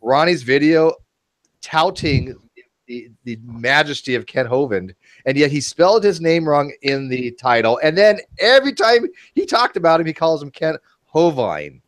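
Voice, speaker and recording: A man chatting casually in an online commentary show, joking and animated. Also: moderate pace, no echo. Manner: animated, joking, swings in pitch.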